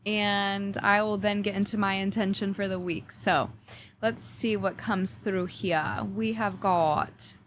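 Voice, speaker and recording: A woman with a mid-range, fairly bright voice and fairly even intonation hosts a casual weekly astrology forecast, taking her time. She reads oracle cards and chats playfully and cheekily straight to her viewers, with slight background noise behind her.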